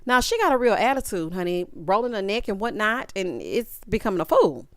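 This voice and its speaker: A woman's voice: medium pitch, very animated, brisk, no echo. A woman hosting a casual reality TV recap, talking sassy and slangy with dramatic asides to her viewers.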